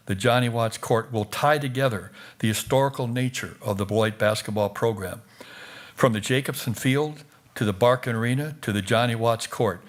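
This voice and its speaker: A man from Wisconsin reading a prepared, formal statement during public comment at a school board meeting. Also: medium pitch. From Wisconsin, USA.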